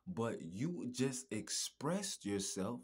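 A man talking in a casual podcast monologue, emphatic, repetitive and profane, with a husky voice. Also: mid-range voice, sing-song, slow. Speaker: podcast host.

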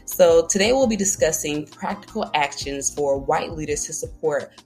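A woman's voice: low voice, moderate pace, a little mellow, faint music behind. A woman from Alabama with a Southern accent, hosting a podcast interview in an upbeat, chatty way. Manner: upbeat, chatty, says "y'all" often. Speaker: podcast host. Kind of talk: casual interview chat.

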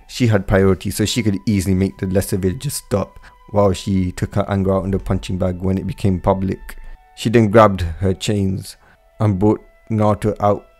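A man narrates a homemade fan story in a low, dark, relaxed voice. His reading is unpolished, with stumbles and restarts, over faint background music. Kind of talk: amateur fan fiction reading.

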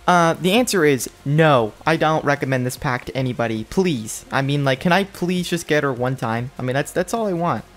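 A man's voice: fairly high pitch, expressive, normal speed, few pauses. A young man giving exasperated commentary while opening mobile game packs, ranting and jumping up in disbelief.

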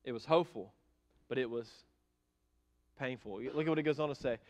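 A middle-aged man preaching a sermon as pastor in a church, animated and emphatic, with sudden loud bursts. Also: mid-range voice, a little fast, long pauses. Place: church sanctuary.

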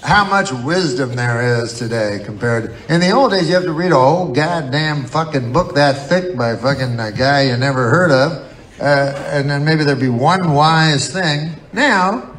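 A man performing a stand-up comedy set in a large venue, deadpan, rambling and profane. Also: fairly high pitch, moderate pace. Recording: audience recording with loud crowd and noise. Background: crowd laughter.

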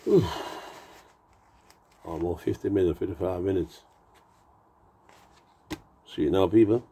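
A man's voice: sits low, slow, mellow, slight background noise. A Jamaican man in his sixties, telling rambling, profane, boastful stories in a casual live-stream chat. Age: 60s.

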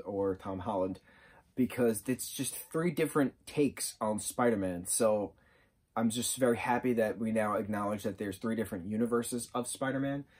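A man giving a casual spoken movie review, rambling and excitable, full of fillers. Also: lowish voice.

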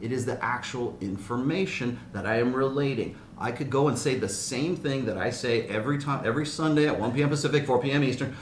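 A man making his case in a debate, steady and insistent, pressing each point without hurrying. His voice sits at a middling pitch. Echo fills the room, and a faint ambience hums behind him. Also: slight background noise. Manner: measured, argumentative. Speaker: debate guest, author. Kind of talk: heated debate talk.

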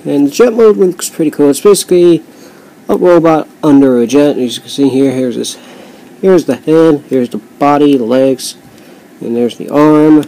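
A man rambles through a casual review of a toy he customized at home, using many fillers, apologizing quickly, and sometimes drifting off the mic while handling it. His voice is a little high with a dark tone, and the recording is rough.

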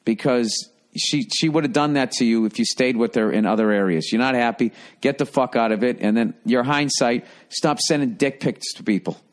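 This comedy podcast host is a man who reads out letters from listeners and answers with blunt advice. His mid-range voice moves at a normal speed with hardly any pauses, and he keeps drifting into sarcastic, profane, rambling tangents.

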